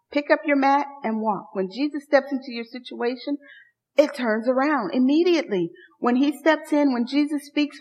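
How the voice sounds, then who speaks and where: A fairly high-voiced woman preaches a sermon, pressing her points through repetition and calling out to the people in front of her. Her voice rings out with a long reverb through a church, captured on a dull, lo-fi recording. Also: a little mellow. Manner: emphatic, repetitive, calls to the congregation.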